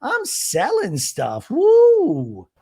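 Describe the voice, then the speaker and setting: A man's voice: wildly swooping pitch, darkish tone, breathy edge, exaggerated voice. A man doing a mocking impression of a bubbly businesswoman, drawn out and squealing. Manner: high, drawn-out, squealing delivery. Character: exaggerated impression of a bubbly woman in real estate.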